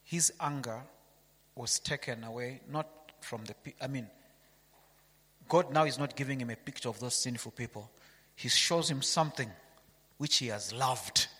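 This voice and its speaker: A man's voice: medium pitch, normal speed, long pauses, sharp tone, husky, in a large hall. A man preaching a sermon, reading scripture aloud and asking his listeners rhetorical questions.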